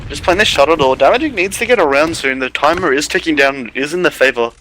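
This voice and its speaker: A man casting a live online game match, calling the play quickly and chatting with his co-caster. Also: a little high, lively intonation, sharp tone, slight background noise, poor audio. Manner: quick, chatty, laughs often. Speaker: esports caster.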